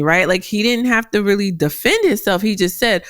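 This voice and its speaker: A woman hosting a career advice podcast, talking directly with a deep voice that carries, animated and quick to laugh. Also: no echo, studio quality. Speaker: podcast host.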